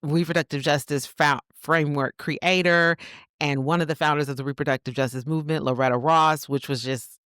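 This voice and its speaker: A woman's voice: sits low, steady tone, a little fast, a bit bright, dry recording, studio quality. A woman with a Southern American accent co-hosting a podcast, chatting casually with lots of laughter and loose, colloquial phrasing. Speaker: podcast co-host.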